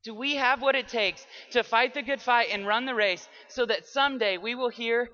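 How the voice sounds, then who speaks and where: A young man delivers a memorized persuasive speech, his voice high-pitched and bright. He moves between hushed, quiet passages and loud, dramatic ones. The recording sounds dull and lo-fi. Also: moderate pace. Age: young adult.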